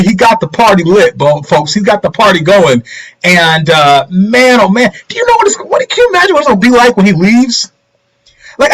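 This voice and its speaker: A man's voice: sits high, a bit bright, rough recording. A middle-aged man hosting a casual political commentary livestream, talking straight to viewers and asking them rhetorical questions.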